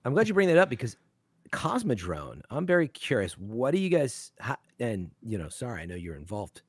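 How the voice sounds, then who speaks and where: A man hosting a relaxed podcast conversation, rambling and restarting his sentences as he goes. His pitch moves around a lot, and his voice sounds dry and close to the mic. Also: a little fast, husky, no room sound. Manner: rambling, with frequent restarts and fillers. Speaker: podcast host. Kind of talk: casual chat.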